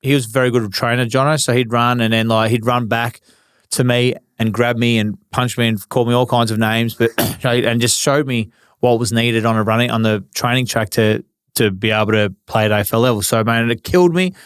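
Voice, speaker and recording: A relaxed Australian man in his forties spins loose, profane footy yarns in an easy drawl. His voice is smooth and resonant, recorded dry and close with no room sound. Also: mid-range voice, brisk, no echo. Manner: laid-back, swears freely, acts out old arguments. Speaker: guest, former footballer. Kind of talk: casual storytelling interview.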